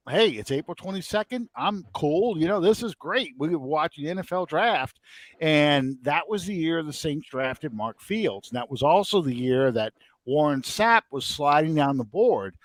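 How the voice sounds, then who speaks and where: Telling a story on his podcast at a moderate pace, a middle-aged man with a fairly high voice stays animated and acts out the lines he quotes. The recording is dry, and the talk is casual.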